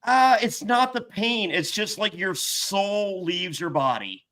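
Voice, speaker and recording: A middle-aged man hosting a podcast, telling a story in a rambling, profane, excitable way with many restarts. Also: high-pitched, slow, poor audio. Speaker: podcast host. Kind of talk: casual storytelling chat.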